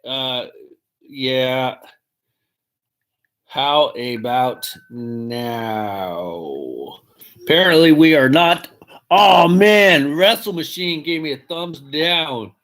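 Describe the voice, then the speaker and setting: A man's voice: on the high side, fairly bright tone. A man hosting a live podcast stream, rambling casually, swearing and reading out chat comments. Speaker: podcast host.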